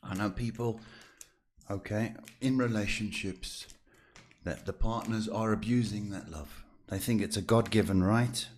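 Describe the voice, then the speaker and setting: A man hosting a live psychic reading podcast, talking in a reassuring, chatty way with drawn-out emphasis and many fillers. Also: lowish voice, steady tone. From South Africa. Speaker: psychic host.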